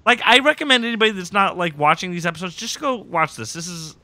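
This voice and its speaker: A man hosting a podcast, recapping episodes in casual chat and acting out scenes in quick impressions. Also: high-pitched, lively intonation, pushed and bright, no room sound.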